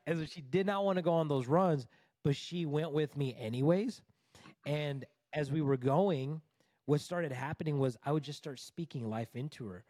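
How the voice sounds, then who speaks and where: A man in his thirties, a coach, telling a personal story in a casual interview, animated and conversational with lots of "like" and "bro". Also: medium pitch, dry recording, studio quality. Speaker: divorce recovery coach, podcast guest.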